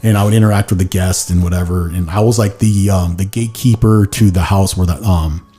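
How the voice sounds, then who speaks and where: Man hosting a chatty podcast, low voice. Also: steady tone, brisk, warm tone. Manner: rambling storyteller, heavy use of "like", slips into silly voices. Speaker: podcast host. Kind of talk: casual chat.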